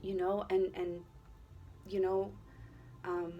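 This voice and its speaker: Her voice sits on the low side and barely moves in pitch as she takes things slowly, over lo-fi sound with soft music in the background. This woman is giving a casual tarot reading to the viewer, earnest and encouraging, though she rambles, repeats herself, swears freely and keeps saying "you know" among lots of filler.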